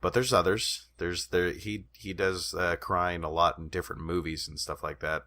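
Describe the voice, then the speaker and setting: A man's voice: low-pitched, fairly even intonation, moderate pace, pushed and bright. A man co-hosting a podcast in casual chat, a rambling storyteller who laughs often and swears casually. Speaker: podcast co-host.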